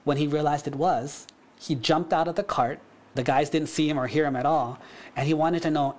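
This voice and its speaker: Man, monk, class storyteller, relaxed, conversational, filler-heavy. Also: on the high side, normal speed. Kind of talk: casual storytelling.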